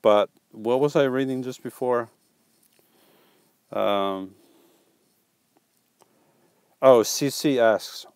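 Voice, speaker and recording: A man's voice: mid-range voice, very slow, pauses often, a little mellow, clear, resonant tone, dry recording. A man hosting a casual live stream, reading viewer comments aloud and joking back with playful teasing and stumbling restarts.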